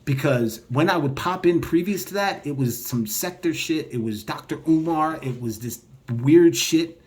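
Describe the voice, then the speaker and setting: A man's voice: on the high side, moderate pace. A man ranting in a response video, combative and profane, speaking straight to his viewers. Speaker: online commentator. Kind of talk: heated response video rant.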